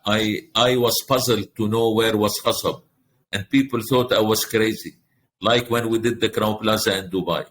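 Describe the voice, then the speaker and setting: A man's voice: lowish voice, steady tone, moderate pace, fairly bright tone, slight background noise. A middle-aged man, a hotel group president, answering in a podcast interview with earnest, repetitive, speech-like phrasing.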